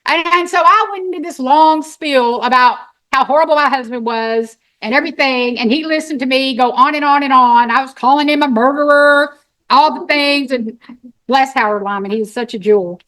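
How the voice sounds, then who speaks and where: A middle-aged woman tells her own story in a high, bright voice. She is folksy and animated, and she slips into other people's voices as she recounts what they said. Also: moderate pace. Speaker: sanctuary founder telling her story. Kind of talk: storytelling talk.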